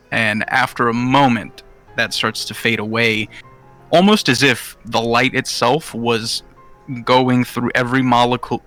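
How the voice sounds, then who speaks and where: A man narrating a tabletop game as game master, slowly painting scenes, with frequent "um"s. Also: mid-range voice, bright, forceful tone. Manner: descriptive, slowing down for vivid scenery, with frequent "um"s.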